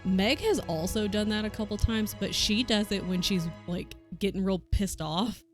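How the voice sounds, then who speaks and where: A woman from the American South with a softened Southern accent, chatting casually on a stream and swearing freely. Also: medium pitch, normal speed. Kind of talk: casual chat while coworking. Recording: faint music behind.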